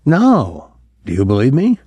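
A man's voice: medium pitch, huge pitch swings, unhurried, warm tone, slightly rough, no echo, highs cut off, pitched above the performer's own voice, full character voice. A man voicing a curt, bitter young locker-room attendant who answers defensively.

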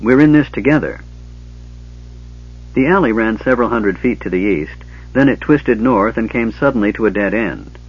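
A man reads fantasy narration in a low voice with a husky grain, keeping a measured, steady pace. The sound is dull and lo-fi, like an old audiobook recording. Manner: measured, even storytelling.

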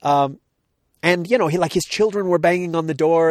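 A podcast co-host talking casually outdoors, rambling with frequent restarts. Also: male voice, fairly high pitch, a little fast, darkish tone, dry recording, studio quality. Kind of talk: casual chat. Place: outdoors on a hill.

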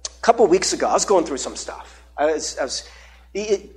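A man's voice: on the high side, expressive, normal speed, darkish tone, a little hiss or hum. A man preaching a conversational sermon as pastor, with many fillers and repeated words.

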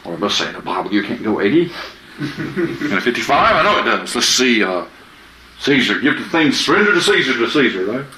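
A man's voice: medium pitch, big pitch swings, a little fast, bright, forceful tone, slight background noise. A man giving informal Bible teaching in a chatty, anecdotal way, often laughing. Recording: echoey room with faint ambience.

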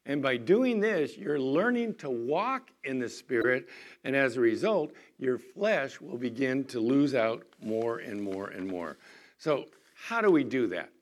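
A man's voice: medium pitch, big pitch swings, unhurried. A man preaching with rising fervor. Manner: swings from quiet to loud emphatic pleading. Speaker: pastor. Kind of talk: sermon.

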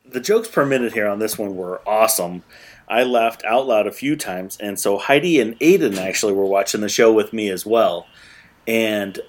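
A man co-hosting a podcast in casual chat, animated and laughing often. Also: lowish voice, moderate pace. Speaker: podcast co-host.

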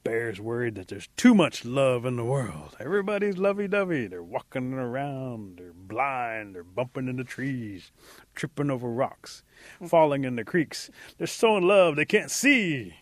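A man voicing a scheming male rabbit trickster in a told folk tale, eager and quick with promises. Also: mid-range voice, expressive, dry recording, natural voice. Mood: urgent. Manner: eager, fast-talking promises.

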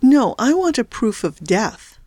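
A woman voicing a calm, cunning woman who speaks slowly and sounds amused. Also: on the high side, no echo, pitched above the performer's own voice. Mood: cool.

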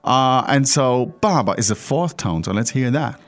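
A man's voice: medium pitch, normal speed, faint music behind. A man hosting a language-lesson podcast, who explains patiently and keeps checking in with his co-host. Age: adult father.

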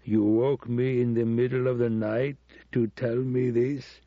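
A man's voice: mid-range voice, little pitch movement, unhurried, dry recording, natural voice. A man voicing a curt, impatient middle-aged male ambassador woken by a phone call, brusque and demanding. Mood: irritable.

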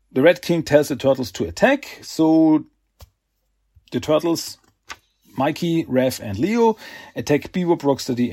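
A man's voice: on the high side, a little mellow, slightly rough. A man hosting a podcast, recapping a comic book in a casual, rambling way. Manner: rambling with many uhs and restarts. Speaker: podcast host.

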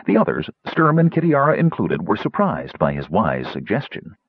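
A man narrating a fantasy story in an expressive reading voice. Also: lowish voice, normal speed, husky, no echo. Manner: expressive, voicing many characters. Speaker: audiobook narrator. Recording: dull lo-fi audiobook recording.

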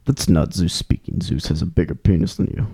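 A surly, foul-mouthed underworld god, as a man plays him in an improvised comedy sketch. He sneers crudely at the others. The voice is gravelly and husky, lower than his other figure. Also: expressive, fairly quick, warm tone, exaggerated voice. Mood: sneering.

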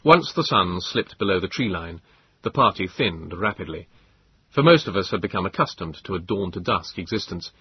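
A man narrating a story in the first person, with expressive, measured storytelling. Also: low voice, husky, muffled recording. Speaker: audiobook narrator.

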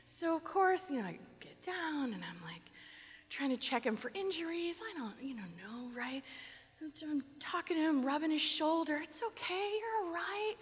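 A middle-aged woman pastor giving a conversational, animated sermon on a microphone, telling a personal story and acting out quoted lines. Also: sits high, moderate pace. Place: church sanctuary. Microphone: wearing a microphone. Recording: long reverb of a church hall.

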